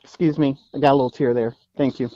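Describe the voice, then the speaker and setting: A man's voice: mid-range voice, fairly even intonation, fast, no room sound, highs cut off. A man from Texas, a guest actor telling stories in a casual interview, rambling with many fillers and restarts.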